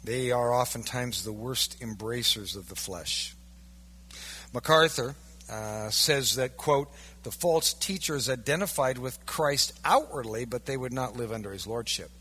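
A male pastor preaching a sermon, emphatic, swinging from loud, stressed peaks down to low, quiet lines. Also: measured pace, slight background noise.

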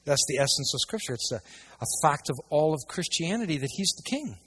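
Man preaching with sudden loud swells. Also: a little high, big pitch swings, fairly quick, husky. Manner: dynamic preaching, swinging between hushed and loud. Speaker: pastor. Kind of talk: sermon. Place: church hall with audience.

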